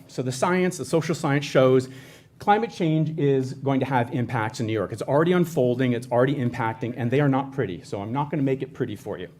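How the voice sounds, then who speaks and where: A man's voice: mid-range voice, a little mellow. A man presenting for a state environmental agency, talking in a conversational way with frequent restarts and self-corrections. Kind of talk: educational presentation.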